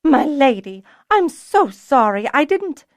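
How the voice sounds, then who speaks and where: A woman's voice: a little high, big pitch swings, moderate pace, no echo, studio quality. A woman voicing a brusque, busy female kitchen cook who scolds sharply and gets flustered.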